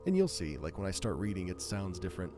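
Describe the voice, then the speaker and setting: Low smooth-voiced man reading horror stories. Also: fast talker, over music. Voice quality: smooth, buttery voice. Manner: self-deprecating, joking, animated. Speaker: live-stream horror story reader. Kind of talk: casual live-stream chat and story reading.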